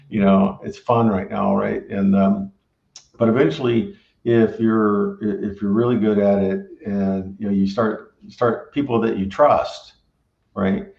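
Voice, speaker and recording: A middle-aged man with a low voice talks in a loose, rambling way and keeps checking in with his listener. The sound is roomy and dull, as if taped in a reflective room. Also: little pitch movement, a little slow, creaky. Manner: rambling, peppered with tag questions. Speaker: barbecue restaurant owner and former engineer. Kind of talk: casual conversational storytelling.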